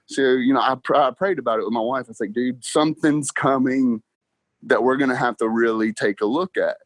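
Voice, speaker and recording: A man's voice: mid-range voice, fairly quick, dry recording. A young man, telling stories in a casual interview, acting out dialogue and laughing often. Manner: animated storyteller, acts out dialogue, laughs often. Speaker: podcast guest, car salesman.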